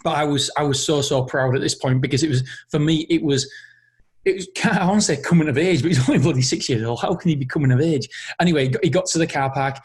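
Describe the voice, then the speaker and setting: A man hosting a podcast, talking through a personal story in an earnest, emotional way. His voice sits a bit high with a husky edge, and he often stops and restarts his sentences. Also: fast. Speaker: podcast host.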